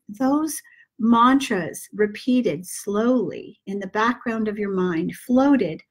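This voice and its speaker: A middle-aged woman giving a gentle self-help talk, slowly guiding breaths and repeating calming mantras. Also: medium pitch. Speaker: manifesting teacher.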